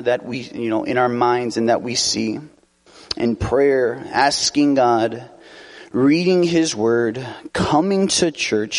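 A man delivers a sermon in a relaxed, conversational manner. His voice sits at an ordinary middle pitch, and he keeps checking in with the congregation through tag questions and brief chuckles. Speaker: preacher.

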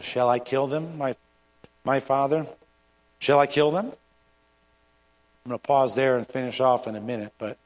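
A man preaching a sermon and reading scripture aloud, in an earnest, halting way with frequent restarts. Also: medium pitch. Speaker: pastor. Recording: long hall reverb.

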